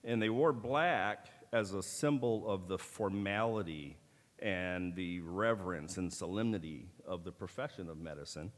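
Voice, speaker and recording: A middle-aged man with a fairly low voice delivers a formal ceremonial keynote. He talks in a measured, deliberate way and drops in dry, wry asides. His voice rings out through the long reverb of a large auditorium. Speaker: keynote speaker at a medical school ceremony.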